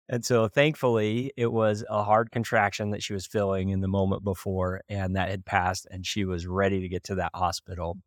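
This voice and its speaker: A man from Idaho in his thirties, a podcast host telling a heartfelt personal story in an earnest, warm-hearted way. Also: lowish voice, fairly even intonation, moderate pace, dry recording, clean studio sound. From Idaho, USA. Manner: earnest, heartfelt, with light laughs.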